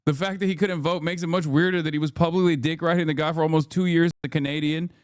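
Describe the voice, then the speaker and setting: A male streamer rants through reaction commentary in a sarcastic, profane manner. His voice sits a little high and sounds dry and close. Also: steady tone, fast, clear, resonant tone, no echo. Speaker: political streamer.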